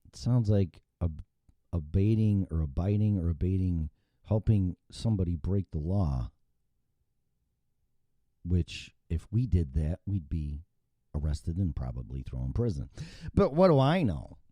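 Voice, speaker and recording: A man's voice: low voice, big pitch swings, measured pace, long pauses, dark tone, dry recording. A middle-aged American man hosting a show, ranting with profanity and heavy sarcasm. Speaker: show host. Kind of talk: solo political rant.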